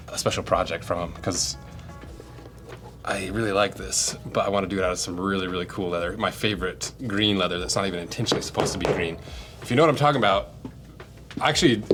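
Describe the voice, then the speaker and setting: A man's voice: lowish voice, fairly bright tone. An American man reviewing boots in a casual unboxing, thinking aloud and asking himself questions as he goes. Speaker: boot reviewer.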